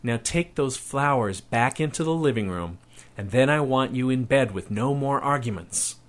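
A man's voice: mid-range voice, animated, normal speed, pitched above the performer's own voice, close to an everyday voice. Man doing a tired mother, raised voice, firm, stern, loving, storybook reading. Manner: firm, scolding, tender underneath.

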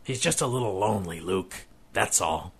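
A man doing a husky old Santa. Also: sits low, lively intonation, normal speed, heavily acted. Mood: gentle. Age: older. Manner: gentle, kindly, with sly warnings. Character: lonely old man secretly Santa Claus, gentle, mischievous.

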